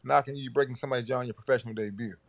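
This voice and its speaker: Fast-talking older man boxing coach. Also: mid-range voice, fairly even intonation, creaky. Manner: rambling, repeats words, laughs often. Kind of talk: casual talk show chat.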